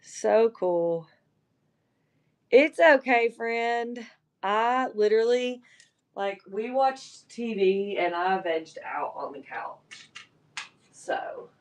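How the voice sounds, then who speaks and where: A woman with a medium-pitched voice takes her time while hosting a live online sale. She chats casually and tells animated stories, filling them with words like "like" and "um."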